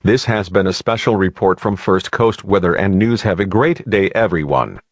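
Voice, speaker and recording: A man playing a radio news host, asking calm, measured questions in an amateur audio drama. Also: low-pitched. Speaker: radio interviewer.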